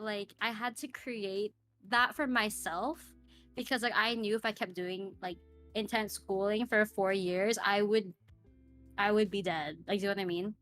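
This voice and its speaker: A woman's voice: medium pitch, moderate pace, pushed and bright, soft background music. Chatty young woman telling a story. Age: young adult. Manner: chatty, fills speech with "like" and "right?"; acts out her own and her mother's lines. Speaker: podcast guest, streamer. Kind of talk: casual storytelling interview.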